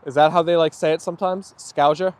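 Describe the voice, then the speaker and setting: A man's voice: fairly high pitch, fairly even intonation, fast, darkish tone, clean tone. A young man hosting a live stream outdoors, chatting easily and reading viewer comments aloud while his dogs play. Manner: chatty and easygoing, laughs often. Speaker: livestream host.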